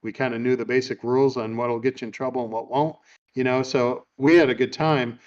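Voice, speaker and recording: A man's voice: mid-range voice, fairly even intonation, brisk, darkish tone. Chatty man with a dull, lo-fi sound. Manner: chatty, amused storyteller. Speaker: podcast host. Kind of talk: casual chat, retelling a film.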